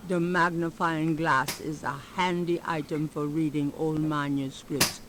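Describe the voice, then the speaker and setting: An actress voicing a calm, wry narrator in a 1990s adventure game, measured and dry. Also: female voice, low-pitched, slight background noise, rough recording. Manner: slow, measured, gravelly, dry wit.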